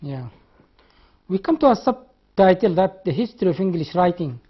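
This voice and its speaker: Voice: mid-range voice, very animated, normal speed, breathy edge. Lecturer spelling words aloud. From Sudan. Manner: repeats key terms and spells words out letter by letter; demonstrates sounds aloud. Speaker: university lecturer. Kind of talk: classroom lecture. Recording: dull lo-fi classroom recording.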